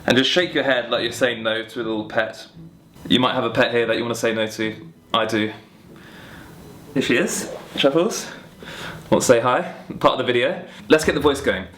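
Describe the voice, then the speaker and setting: Man coaching a singing warm-up. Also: mid-range voice, moderate pace, long pauses, slight background noise. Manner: relaxed, friendly and chatty, demonstrating hums and sung syllables. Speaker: singing teacher. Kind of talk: instructional warm-up lesson. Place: home music room with guitars on the walls.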